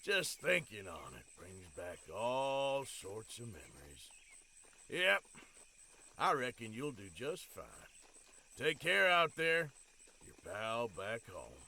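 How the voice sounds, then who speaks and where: A man's voice: mid-range voice, huge pitch swings, slow, sharp tone, slight background noise, exaggerated voice. A man voicing a kindly old-timer who narrates a letter home in a frontier farming game, with a folksy, homespun manner of speech. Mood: warm. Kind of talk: scripted game voice-over.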